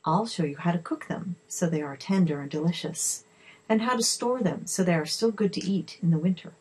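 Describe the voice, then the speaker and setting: A woman's voice: fairly low pitch, fairly quick, darkish tone, slightly rough, low-quality recording. A woman voicing an earnest, kind mother who is new to gardening, speaking eagerly. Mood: friendly.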